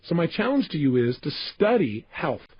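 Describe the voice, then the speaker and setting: A man's voice: on the high side, sing-song, moderate pace, slightly rough, no echo. A man speaking as a motivational speaker on a recorded self-help tape, passionate and emphatic, addressing the listener directly. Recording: dull lo-fi tape.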